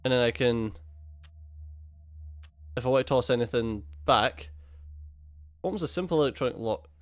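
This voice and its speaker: A man's voice: medium pitch, lively intonation, moderate pace, no echo. A man giving casual let's-play commentary, thinking aloud as he explores the game's menus. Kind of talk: gameplay commentary.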